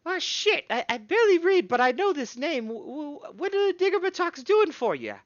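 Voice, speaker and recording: A man's voice: extremely high pitch, sing-song, moderate pace, no room sound, dull audio, pitched above the performer's own voice. A man voicing a stout, flustered female gnome smith who stammers and repeats her words, in a tabletop game.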